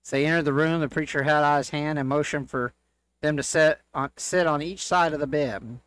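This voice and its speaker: A man reading church jokes aloud as a co-host, in a steady storytelling delivery. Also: a little high, a little fast, no echo.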